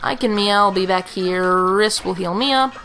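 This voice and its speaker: Bright-voiced young woman commenting a game. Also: mid-range voice, measured pace, soft background music. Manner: casual, rambling, with filler sounds. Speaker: let's play host.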